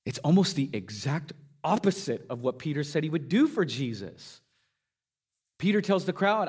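Guy preaching a sermon, mid-pitched voice that jumps up high then drops way down for the big points. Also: sing-song, moderate pace, darkish tone. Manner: dynamic preaching, pitch rising for emphasis and dropping low on key lines. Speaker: pastor.

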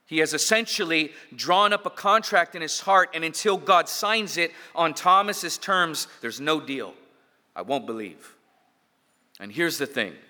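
A man's voice: a little high, pushed and bright. A man preaching a sermon as pastor, emphatic, building points through repetition and dropping in casual asides. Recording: long hall reverb.

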